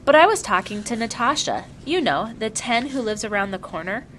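A woman's voice: a little high, expressive, a little fast, a bit bright, slight background noise. A woman voicing a chatty, eager young girl in an audiobook reading. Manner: bubbly, talkative.

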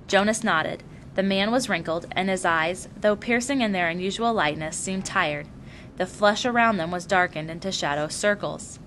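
A woman reading a novel aloud with calm, steady storytelling. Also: on the low side, moderate pace, slight background noise. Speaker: reader.

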